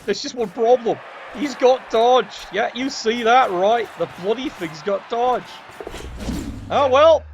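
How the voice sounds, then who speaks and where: A man's voice: very high-pitched, measured pace, lo-fi sound, a little hiss or hum. A man commentating a game match, sardonic and casually swearing as he talks straight to the players.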